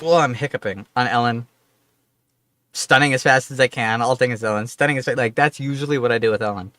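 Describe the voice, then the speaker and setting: A man's voice: mid-range voice, brisk, a bit bright, no echo. A man streaming a game, chatting casually in a rambling, profane, offhand way. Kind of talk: casual livestream chat.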